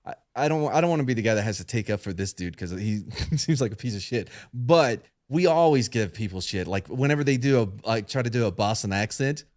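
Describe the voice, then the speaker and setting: A man's voice: on the low side, lively intonation, a little fast, few pauses, darkish tone. A man in casual podcast chat who makes wry, joking asides.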